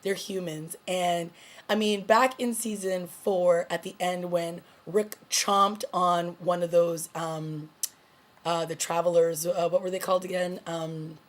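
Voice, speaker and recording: Woman TV reviewer, lowish voice, casual chatty recap delivery. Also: steady tone, unhurried. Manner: chatty, recaps scenes with quoted lines and laughs. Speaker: TV review host.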